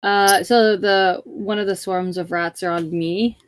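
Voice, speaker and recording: A woman playing in a tabletop game, speaking in a hesitant, halting way with many fillers. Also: mid-range voice, steady tone, clear, resonant tone. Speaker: player. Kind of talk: casual tabletop play.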